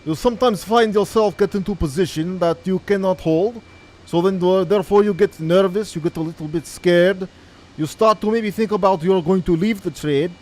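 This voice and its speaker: A man's voice: sits high, normal speed, a little mellow, voice pushed up, close to an everyday voice. A man voicing a melodramatic male trader, speaking theatrically to the listener. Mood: dramatic. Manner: theatrical, heavy accented delivery addressing the listener as friend. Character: melodramatic male trader with a put-on Russian accent.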